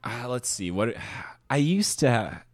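A man's voice: medium pitch, big pitch swings, measured pace, no room sound. A man co-hosting a podcast in casual chat, asking teasing, dry questions. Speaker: podcast co-host.

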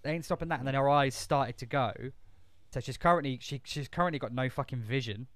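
Smooth-voiced man rambling casually. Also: medium pitch, fairly quick, a bit bright, no room sound. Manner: rambling and profane, with many fillers and restarts. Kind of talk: casual chat.

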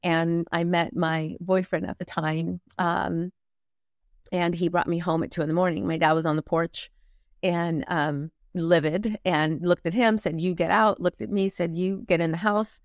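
Earnest lower-voiced woman telling her story. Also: steady tone, no room sound, studio quality. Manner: earnest and reflective, with frequent pauses and fillers. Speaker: guest, motivational speaker and performance coach. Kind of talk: candid personal storytelling in an interview.

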